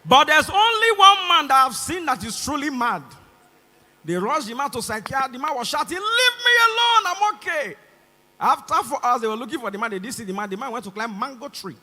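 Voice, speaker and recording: A young Nigerian stand-up comedian with a Nigerian English accent performs a lively, brisk routine on a large concert hall stage, speaking animatedly into a handheld mic. His very high, bright voice jumps all over the place as he slips into voices and shouts. A long reverb trails every line.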